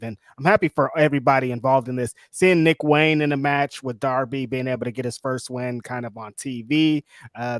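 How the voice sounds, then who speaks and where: A man co-hosting a casual chat show, relaxed and rambling, with easy laughs. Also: mid-range voice, no echo, studio quality. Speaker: podcast co-host.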